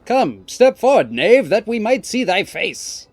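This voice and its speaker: A man's voice: sits high, sing-song, measured pace, no echo, voice pushed up, heavily acted. A man voicing a theatrical young male ninja student who speaks in archaic, flowery phrases. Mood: grandiose. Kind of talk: reading game dialogue aloud.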